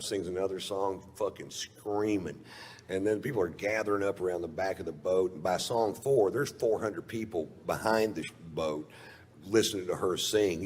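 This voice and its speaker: A middle-aged man telling a long profane story on stage in a dry, drawling way. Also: low-pitched. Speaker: stand-up comedian. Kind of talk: stand-up storytelling. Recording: live stage recording with long hall reverb. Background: faint audience laughter.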